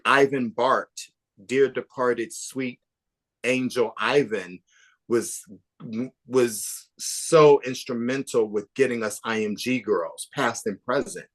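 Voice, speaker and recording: Animated, gossipy male storyteller. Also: mid-range voice, slow pace. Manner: animated, gossipy storyteller, swinging between emphatic and hushed. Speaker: podcast guest, author and documentary maker. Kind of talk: casual interview chat.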